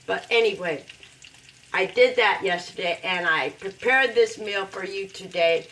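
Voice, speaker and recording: A woman in a home kitchen talks through a recipe at an unhurried, drawn-out pace, now and then letting out loud whoops of delight. Her voice sits at a middle pitch and is picked up from a little way off the mic, with faint kitchen noise and frying underneath. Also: recorded from a distance, low-quality recording. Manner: slow, heartfelt talk broken by loud whooping cheers. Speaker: home cooking vlogger. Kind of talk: casual cooking demonstration.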